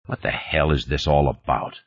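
A man's voice: very deep voice, steady tone, normal speed, vocal fry, slightly rough, pitched below the performer's own voice, heavily acted. A man voicing a wronged, disbelieving businessman who speaks harshly, in an audiobook. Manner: harsh, blunt. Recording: dull lo-fi audio.

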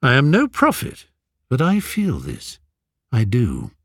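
A man reading aloud, voicing a courteous older king in a soft, measured, kindly voice. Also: mid-range voice, wildly swooping pitch, dry recording, clean studio sound, exaggerated voice. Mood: gentle.

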